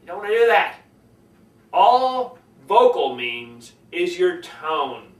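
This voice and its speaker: A man teaching public speaking with a high, bright voice. His pitch swings widely as he acts out tones to show what he means. He sounds a little away from the mic, in an echoey room. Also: a little slow, recorded from a distance. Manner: animated, demonstrates tones by acting them out. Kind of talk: speaking-skills lesson.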